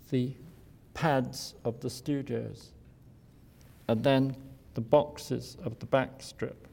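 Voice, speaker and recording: A man's voice: mid-range voice, creaky, warm tone. An older man, an architect, giving an informal lecture in a wry, digressive way, chuckling at his own jokes. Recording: lecture hall reverb.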